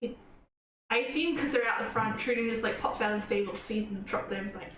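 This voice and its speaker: Giggly woman playing a tabletop game. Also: medium pitch. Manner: giggly, quick to laugh. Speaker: player. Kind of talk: casual tabletop play. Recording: very echoey room with background noise.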